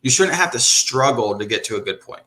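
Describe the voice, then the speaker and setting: A man hosting a podcast, chatting casually and giving animated opinions. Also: mid-range voice, a little fast, slight background noise. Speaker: podcast host. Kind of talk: casual chat.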